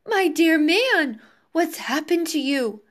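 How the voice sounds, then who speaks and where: A woman reading a children's story aloud, voicing a flustered wife with shrill, wailing cries. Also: sing-song, slow pace, full character voice. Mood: alarmed. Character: flustered middle-aged wife turned tiny, shrill.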